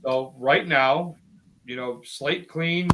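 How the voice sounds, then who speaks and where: A man's voice: mid-range voice, takes it slowly, noisy background. A man co-hosting a casual podcast chat, talking in a rambling, profane way with many restarts. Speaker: podcast co-host.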